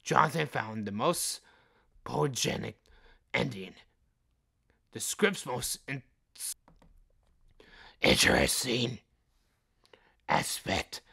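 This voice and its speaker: A man with a gravelly, slightly husky voice reads movie trivia at an unhurried pace. His tone is bright and forward, and he breaks in with jokey outbursts between the facts. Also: mid-range voice, expressive. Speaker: podcast host. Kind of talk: reading movie trivia with comic asides.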